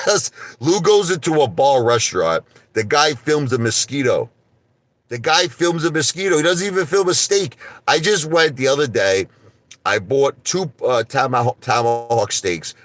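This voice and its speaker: A man hosting a livestream, ranting in a combative, animated way and repeating his points. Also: medium pitch, no echo. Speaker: livestream host.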